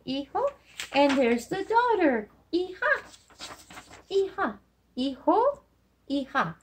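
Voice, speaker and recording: A woman teaches a remote lesson to young children. Her fairly high voice bounces up and down as she slowly repeats each new word. A faint background hiss runs under her speech. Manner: sing-song, slow, encouraging, repeats words. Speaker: elementary Spanish teacher.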